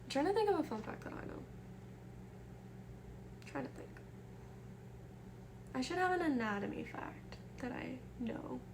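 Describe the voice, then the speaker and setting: A young woman from the American Midwest, streaming live and chatting softly with her viewers, greeting them by name and reading their messages aloud. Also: high voice, sing-song, normal speed, long pauses, background noise. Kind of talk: casual chat with chat readers.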